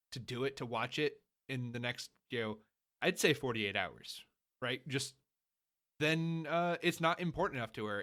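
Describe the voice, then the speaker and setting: A married adult man with a mid-range, bright voice and forceful tone co-hosts a casual podcast chat. He is long-winded, laying out his rules and points at length and with emphasis.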